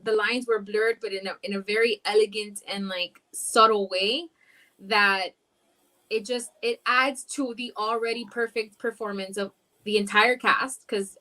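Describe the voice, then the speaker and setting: A woman's voice: medium pitch, pushed and bright. A woman co-hosting a podcast in casual chat, talking with enthusiasm and laughing easily. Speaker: podcast co-host.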